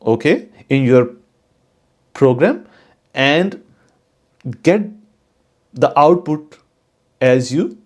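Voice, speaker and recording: A man hosting his own channel, giving a casual, unhurried tutorial on coding for network engineers, with frequent fillers and restarts. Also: mid-range voice, animated, darkish tone. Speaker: channel host teaching network automation.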